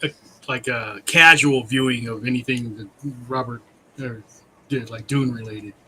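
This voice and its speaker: A man co-hosting a drawing livestream, relaxed, reading viewer comments aloud. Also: mid-range voice, normal speed, a little hiss or hum, rough recording. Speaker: co-host reading chat. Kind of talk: casual chat on a livestream.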